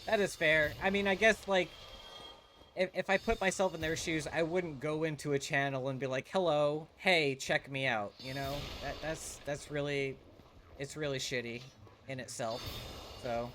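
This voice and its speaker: There's a little hiss or hum as a young man with a fairly high, fairly bright voice talks at a moderate pace and a steady tone. He's playing a video game on stream, chatting with viewers in a profane, rambling way that keeps restarting.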